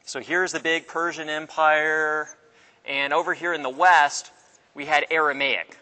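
A man teaching a class in a relaxed, halting way, with many fillers and restarts. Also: on the high side, rough recording. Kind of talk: informal classroom lecture.

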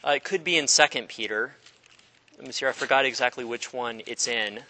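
A man's voice: mid-range voice, a little fast, sharp tone, big-room sound. A man teaching a casual Bible class, chatty and joking with his students, acting out little voices as he explains.

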